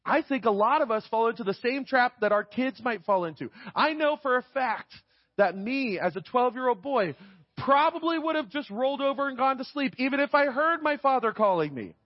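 High-voiced conversational male preacher. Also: animated, a little fast, dry recording, dull audio. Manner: conversational, often adds "right?". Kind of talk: sermon.

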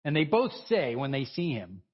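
A man's voice: mid-range voice, very animated, moderate pace, breathy edge, highs cut off. A man preaching a conversational sermon, informal and chuckling, who breaks off and restarts his sentences as he goes. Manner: informal, self-interrupting, chuckling asides.

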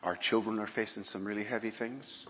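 A man's voice: lowish voice, steady tone, fairly quick, a little hiss or hum. Male preacher, folksy sermon delivery with emphatic peaks, muffled hall recording with a long echo. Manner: folksy, rising to emphatic bursts. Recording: dull sound in a hall with long reverb.

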